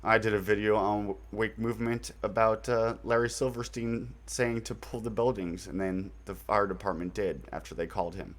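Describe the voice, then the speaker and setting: A man's voice: fairly low pitch, little pitch movement, moderate pace, few pauses. A man hosting his own channel, talking through recommendations in a loose, rambling way with fillers and mild slang. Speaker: channel host introducing his website. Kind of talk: casual unscripted monologue.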